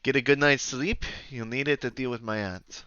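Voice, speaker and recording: A man's voice: medium pitch, fairly even intonation, moderate pace, pushed and bright, smooth, no room sound, dull audio, natural voice. Man voicing a sheepish traveling companion. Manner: hesitant, trailing off.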